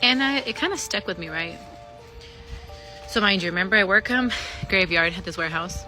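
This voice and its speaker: A woman in a casual storytime vlog, candidly and profanely retelling an eerie experience in an animated way. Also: mid-range voice, fairly quick, faint music behind, rough recording.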